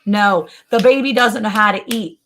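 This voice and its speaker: A woman's voice: mid-range voice, moderate pace, a little hiss or hum. A woman co-hosting a casual ranch livestream, telling stories animatedly with frequent laughter. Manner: animated storyteller, laughs often, makes silly sound effects. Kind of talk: casual chat.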